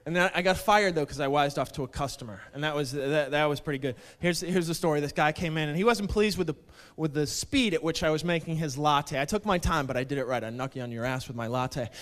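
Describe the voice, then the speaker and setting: High-voiced man doing sarcastic stand-up. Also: quick pace, few pauses, a bit bright. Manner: sarcastic, mock-indignant rants. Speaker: stand-up comedian. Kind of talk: stand-up set.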